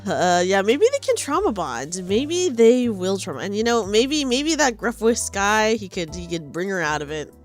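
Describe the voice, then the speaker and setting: A woman's voice: mid-range voice, sing-song, normal speed, few pauses, faint music behind. A young woman streamer giving casual gameplay commentary, playful and giggly, reading game dialogue aloud for her chat.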